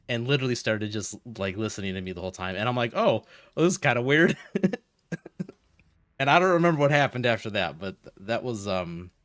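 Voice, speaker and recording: A man streaming a game, chatting casually with viewers and telling rambling, animated stories between moves. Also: on the low side, no echo. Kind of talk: casual gaming stream chat.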